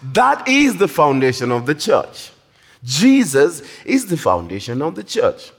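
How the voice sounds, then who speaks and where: A man preaching a sermon in a church hall with animated, drawn-out emphasis. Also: a little high, breathy edge. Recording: long reverb of a large hall.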